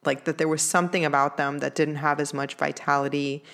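A woman's voice: low voice, level tone, a little fast, creaky, a bit bright. A young woman telling a personal story in a candid, earnest way, with lots of "like" fillers. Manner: candid, heavy use of "like" fillers; earnest, emotional confessional tone.

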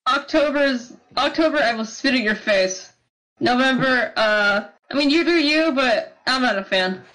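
A woman's voice: high voice, measured pace, a bit bright, low-quality recording. A woman co-hosting a podcast, giggly and laid-back in casual chat. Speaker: podcast co-host.

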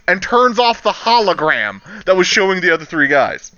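A man recaps a show episode in casual podcast chat, acting out the characters' lines as he goes. His voice is bright and leaps around in pitch. The recording is dry and a bit dull. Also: moderate pace, clean tone, no room sound. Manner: animated, acts out characters' lines with laughter and swearing. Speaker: podcast co-host.

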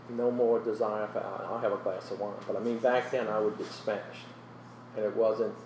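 A man's voice: on the low side, echoey room, far from the mic, slight background noise, rough recording. Earnest man telling his testimony. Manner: earnest storytelling, often drops to a soft, emotional voice. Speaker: guest sharing his testimony. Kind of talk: personal testimony in a Christian interview.

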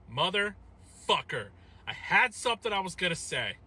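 A man records a rambling voice message from his car while driving, swearing constantly. His voice is high and very animated, with a sharp, intensely bright tone, and faint car noise hums behind him. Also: takes it slowly, breathy edge. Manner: rambling, heavily profane. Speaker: listener leaving a voice message.

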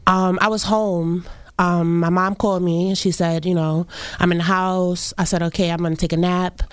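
A young woman, recounting a personal loss in an interview, halting and full of restarts. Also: lowish voice, level tone, clean tone, dry recording. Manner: halting, many fillers and restarts. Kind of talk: emotional personal account.

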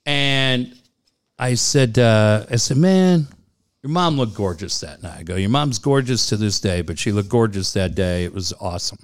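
A man's voice: fairly low pitch, animated, normal speed. A man in his forties telling a long family story in casual chat, laughing often and repeating "I go".

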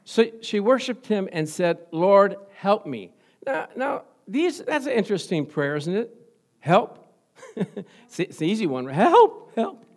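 A high-pitched man delivers a sermon to his congregation, quizzing them and laughing often. He drops to quiet, confiding asides, then surges into loud, fervent emphasis. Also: expressive, normal speed. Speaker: pastor.

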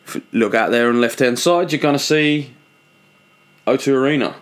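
A man's voice: mid-range voice, fairly quick, clean tone, pitched above the performer's own voice, lightly acted. A man putting on a cheery male tour guide with a mock Australian accent, brash and sweary.

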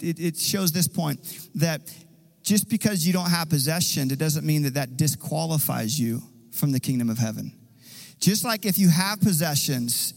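A man's voice: fairly high pitch, gravelly, darkish tone, big-room sound, rough recording. A man preaching a sermon as pastor, earnest and conversational.

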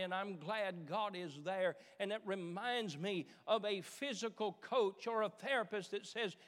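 Middle-aged man, pastor, sermon, fervent, repeats phrases, slightly high voice, long church reverb. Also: moderate pace, hardly any pauses, fairly bright tone. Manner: preaching with rising fervor, repeating phrases.

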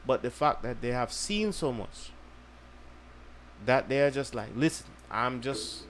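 A man's voice: medium pitch, sing-song, measured pace, slight background noise. A man hosting a casual podcast chat, explaining at length and checking in with "you understand me". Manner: earnest, repeats "you understand me". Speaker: podcast host.

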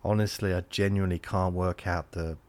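A man's voice: low-pitched, fairly even intonation, fairly quick. A man telling a rambling, self-deprecating comic story as a podcast host.

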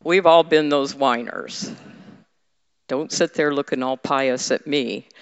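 Slow-paced woman preaching in an echoey hall. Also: rumbling low, clear, resonant tone. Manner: humorous, candid, teasing the congregation. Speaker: women's ministry leader and preacher. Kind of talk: conversational sermon. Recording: echoey hall, slightly dull sound.

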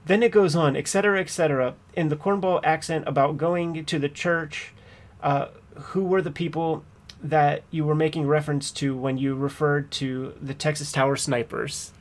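A man playing a persistent trial attorney who cross-examines a witness in a measured, pointed way, reading from a court transcript. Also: a little high, fairly even intonation, close to an everyday voice. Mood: pressing.

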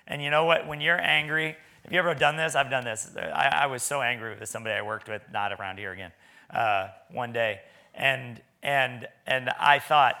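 Man, preacher, sermon, bright tense tone, conversational, stammering restarts. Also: mid-range voice, normal speed, gravelly. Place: church.

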